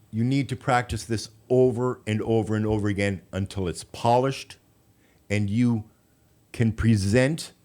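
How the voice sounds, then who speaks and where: A deep-voiced man hosts a local radio talk show. He is chatty and full of advice, and his words tumble and repeat as he goes. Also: darkish tone. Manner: chatty, coaching, trips over his words. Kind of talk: casual radio interview chat.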